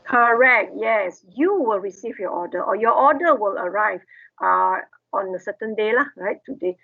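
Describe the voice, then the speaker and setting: A woman's voice: medium pitch, expressive, normal speed, gravelly, no room sound, phone-quality sound, soft background music. A woman lecturer, explaining step by step and asking the class questions.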